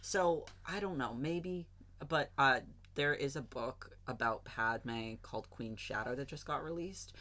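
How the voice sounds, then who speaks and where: A woman co-hosting a podcast, rambling through a film plot in casual, animated chat and swearing now and then. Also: a bass voice, a little slow. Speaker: podcast co-host.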